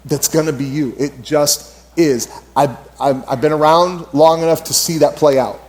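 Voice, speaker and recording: A man in his thirties, a pastor preaching a sermon in a conversational, animated way with quoted asides. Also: on the high side, normal speed.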